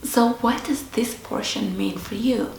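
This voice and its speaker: A woman host sharing a personal story in a slow, reflective, confessional way. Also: fairly high pitch, gravelly, a little mellow. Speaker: podcast host. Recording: roomy echo with faint background hiss.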